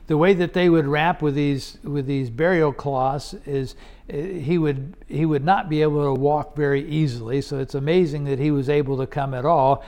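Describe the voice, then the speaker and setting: A man's voice: on the high side, darkish tone. A man teaching through a Bible passage verse by verse, explaining in a conversational way with rhetorical questions and frequent restarts.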